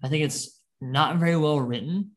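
A man's voice: on the high side, normal speed. Chatty young man reviewing a film. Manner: animated, quotes movie lines in passing, many likes and restarts. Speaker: podcast host. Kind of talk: casual film review chat.

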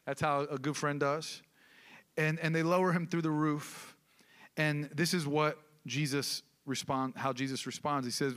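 A man's voice: a little high, steady tone, normal speed, fairly bright tone. Conversational male pastor preaching. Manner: conversational, with casual asides and questions to the congregation. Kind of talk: sermon.

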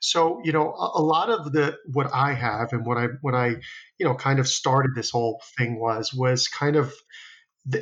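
A man talks about his business as a guest on a casual podcast, piling up fillers and restarts as he rambles. His voice is of middle pitch. The sound is a bit dull and lo-fi. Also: fairly bright tone. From New Jersey.

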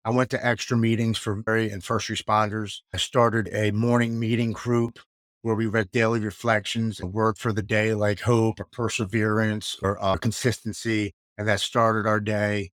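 A man's voice: lowish voice, flat delivery, normal speed, a bit bright, no echo, studio quality. Earnest man in his forties. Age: 40s. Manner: earnest, emotional, matter-of-fact retelling. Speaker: guest telling his recovery story. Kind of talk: personal storytelling, casual.

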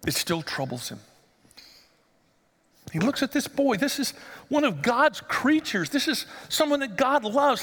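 A man delivers a sermon in a high, animated voice that leaps up and down. He acts out the quoted lines and moves between hushed and loud delivery. His voice rings with the long reverb of a large hall. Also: measured pace, pauses often. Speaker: pastor.

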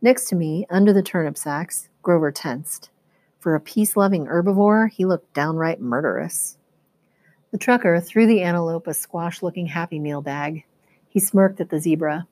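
A woman teacher reading a novel chapter aloud in a steady, expressive storytelling manner. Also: fairly low pitch, moderate pace, dry recording.

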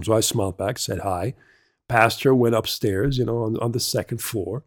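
A man's voice: medium pitch, expressive, normal speed, no room sound, studio quality. A man hosting a casual solo podcast, rambling through a story with lots of restarts, fillers and swearing. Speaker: podcast host.

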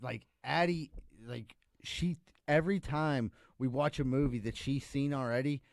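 A man's voice: mid-range voice, measured pace, creaky, dry recording. A man telling an exasperated story in casual chat, swearing as he goes.

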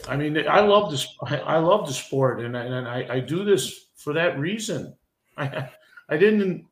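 A veteran wrestler in middle age, interviewed on a podcast, talks a little slowly in a fairly high, animated voice. He's emotional and heated, restarting and repeating words, and the recording has an echo.

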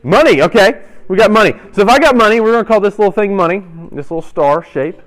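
Young male youth pastor, lightly raised pitch, joking interactive sermon style. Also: animated. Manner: playful, quizzes the audience, quick asides. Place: church hall with audience.

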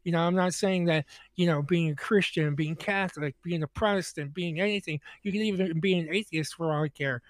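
A man on a comedy podcast telling a long anecdote in a halting, rambling way, full of restarts and acting out both sides of each conversation. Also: fairly high pitch, dry recording. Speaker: podcast co-host. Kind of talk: casual comedic storytelling.

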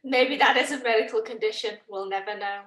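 A woman's voice: on the high side, brisk. Echoey, distant woman on a call. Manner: lively storyteller, self-mocking. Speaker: interview guest. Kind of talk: casual chat. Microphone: video call.

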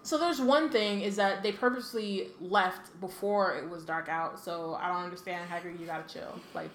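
A woman podcast co-host who reads a novel aloud and chats casually, correcting herself often and filling gaps with 'like' and 'um'. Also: fairly low pitch. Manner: quick reading with frequent self-corrections and fillers. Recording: echoey room with faint ambient noise.

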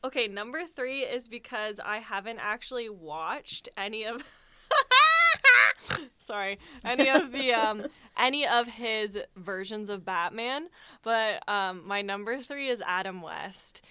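A young woman with a crisp, bright voice chats with friends on a podcast. She is playful and loose, swearing offhandedly and breaking into laughter. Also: mid-range voice, unhurried. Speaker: podcast co-host. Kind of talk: casual chat.

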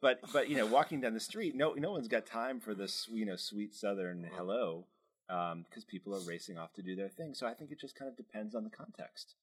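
Guy with a lowish voice, calm, reasoned, chill talk. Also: slightly rough. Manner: thoughtful, measured, pushes back gently. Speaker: co-host. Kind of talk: casual chat.

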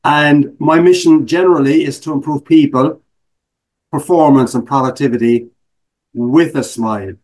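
A man's voice: a little high, normal speed, darkish tone. A middle-aged man from Ireland with an Irish accent, a guest speaker telling stories in a casual interview with self-mocking humor.

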